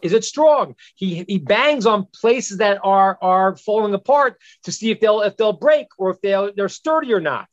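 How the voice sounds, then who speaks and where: A middle-aged man, a rabbi, teaching a Bible class in a relaxed, conversational way with many restarts and asides. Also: high voice, dry recording. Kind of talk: casual teaching talk. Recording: dull lo-fi sound.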